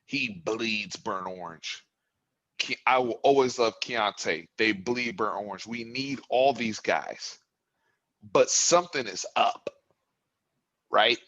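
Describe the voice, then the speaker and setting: Bright-voiced man ranting about football. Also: fairly low pitch, slow, dull audio. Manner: impassioned, builds to yelling. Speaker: sports talk host. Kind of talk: postgame fan reaction talk.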